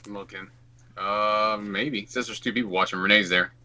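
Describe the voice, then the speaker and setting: Male co-host, rambling, profane, tense bright tone. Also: on the low side, fairly even intonation, normal speed. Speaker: podcast co-host. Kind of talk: casual chat.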